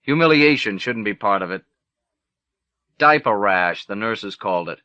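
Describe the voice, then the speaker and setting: Man reading a story, bright voice, dull old tape. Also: fairly low pitch, expressive, moderate pace, clear, resonant tone, dry recording. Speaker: audiobook narrator. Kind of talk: first-person short story reading. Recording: dull, lo-fi 1980s cassette recording.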